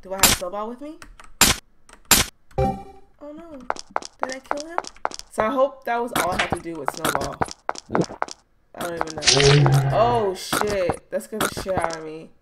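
A let's play gamer, a woman, plays a horror game, jumping at scares, swearing a lot and chatting with her viewers. Her medium-pitched voice is expressive and unhurried with long pauses, over loud background noise with clicks.

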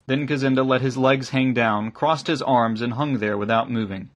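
Husky-voiced man narrating an audiobook. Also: medium pitch, normal speed.

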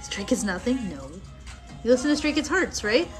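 This livestream host, a mom at home with her young child, has a slightly high, sing-song voice and a moderate pace. Her talk is chatty and playful with lots of laughter, over background music.

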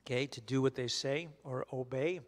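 A man leading a Bible study as a pastor, teaching in a conversational, halting way with many restarts and questions put to the group. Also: mid-range voice, long reverb tail. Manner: questions the group and repeats their answers.

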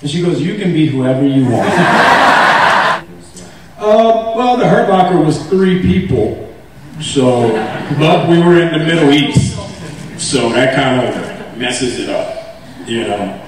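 A man's voice: fairly high pitch, unhurried, crowd noise. Laughing man telling stories in an echoey hall. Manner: animated, laughing, acts out quotes with a raised voice. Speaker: actor on a convention stage panel. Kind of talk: casual storytelling on stage. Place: large convention hall. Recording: echoey hall, mic heard from a distance.

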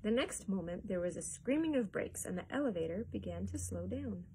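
A woman librarian reading a chapter book aloud in a gentle, expressive storytelling way. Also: mid-range voice, a little fast, a little hiss or hum, poor audio. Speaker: children's librarian.

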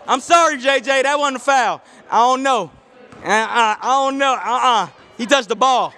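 A young man cheering a basketball team from the sideline, joking and shouting loud encouragement in an indoor gym. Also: very high voice, normal speed. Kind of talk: casual sideline banter. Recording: noisy crowded gym. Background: crowd noise and bouncing balls.

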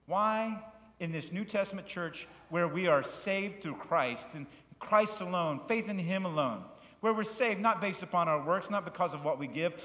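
A male pastor preaching a sermon, shifting between loud, fervent passages and quiet asides, and asking the congregation questions. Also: high-pitched. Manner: asks the congregation questions and invites them to repeat words. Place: church sanctuary. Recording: echoey church hall with long reverb.

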